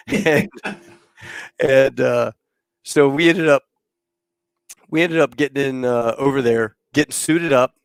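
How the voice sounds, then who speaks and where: A middle-aged man hosting a casual chat, telling an old flying story in an animated way and acting out the voices of the people in it. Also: mid-range voice, measured pace, vocal fry, pauses often, clean tone, dry recording. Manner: animated storyteller who acts out quoted voices. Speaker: podcast host, former KC-130 pilot.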